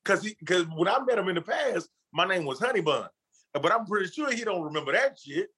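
A man telling a story as an interview guest, his voice sitting a bit high for a man. He talks in loose, profane street slang. He slips into quick acted-out voices for the people in his tale. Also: husky, low-quality recording. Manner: animated storyteller, acts out quotes with laughs.

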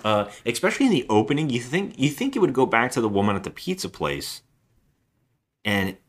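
A man's voice: mid-range voice, wildly swooping pitch, a little fast. A man co-hosting a casual movie review chat, retelling the plot at length and acting out the characters' lines. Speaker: podcast co-host.

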